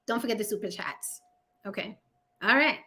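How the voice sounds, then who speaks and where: A woman's voice: mid-range voice, moderate pace, sharp tone. A woman with a New York accent hosting a casual livestream chat, blunt, sassy and full of profanity. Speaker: host.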